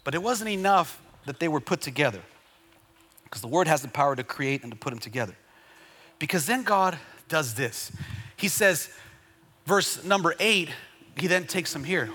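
A male preacher delivering an energetic sermon to a congregation, swinging between quiet teaching and shouted, rhythmic build-ups. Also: on the high side, brisk, big-room sound.

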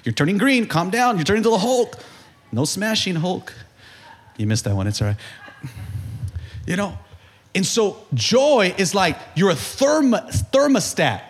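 A male pastor preaching with a high voice that climbs and swoops widely. He jokes with his church, throws out call-and-response questions, and builds to shouted peaks before dropping back to a calmer teaching tone. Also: a little slow, long pauses. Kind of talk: sermon.

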